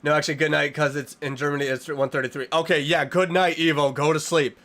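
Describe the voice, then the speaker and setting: A man live-streaming a game, chatting with his viewers in an animated, playfully dramatic way. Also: on the high side, fast. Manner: animated, playfully dramatic, reading and answering chat.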